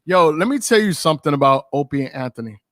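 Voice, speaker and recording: A man from the United States, a travel journalist guest in a casual studio chat, telling stories in an animated, profane way. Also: a little high, no echo. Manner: animated storyteller, profane, quick.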